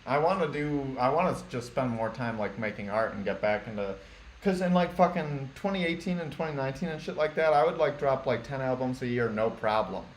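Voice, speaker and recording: A man's voice: mid-range voice, animated, fairly quick, slight background noise. A young man hosting a podcast, talking in a laid-back, casual way, swearing freely and saying 'like' a lot. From United States. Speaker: podcast host. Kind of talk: casual chat. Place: living in Thailand.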